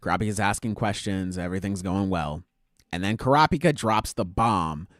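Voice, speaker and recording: A man's voice: low voice, moderate pace, a bit bright, dry recording, clean studio sound. A man hosting a podcast, animatedly retelling a comic's plot in casual, slangy talk full of swearing. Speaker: podcast host. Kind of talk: casual chat, retelling manga chapters.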